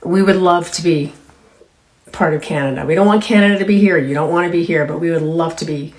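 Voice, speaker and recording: A woman's voice: fairly low pitch, brisk, rough recording. A woman from California speaking casually to camera, earnest, apologetic and exasperated, stumbling over her words. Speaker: member of the public in a viral clip. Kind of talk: casual direct-to-camera plea.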